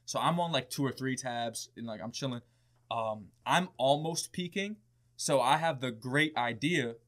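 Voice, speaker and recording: A young man telling a story in casual podcast chat, with a mid-range pitch. He talks animatedly, swears often and laughs along the way. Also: moderate pace, fairly bright tone.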